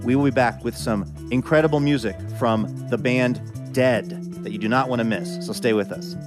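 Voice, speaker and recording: A male radio host speaks briskly and upbeat from a live theater stage. Clear music plays under his voice. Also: mid-range voice.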